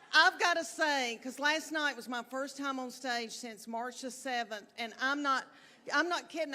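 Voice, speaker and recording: A woman's voice: sits high, sharp tone. A middle-aged woman doing a stand-up set, telling self-deprecating stories in a folksy drawl on a large theater stage. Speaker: stand-up comedian. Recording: live hall reverb, faint ambience.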